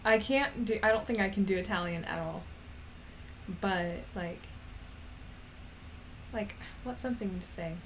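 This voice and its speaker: A woman's voice: medium pitch, unhurried, pauses often, slight background noise. A woman rambling in casual chat, giggly and self-deprecating. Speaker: animator and vlogger.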